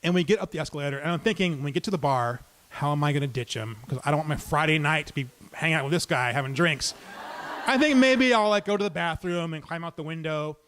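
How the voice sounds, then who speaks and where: Man, high voice, live comic storytelling, wry, conversational. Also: fast, fairly bright tone.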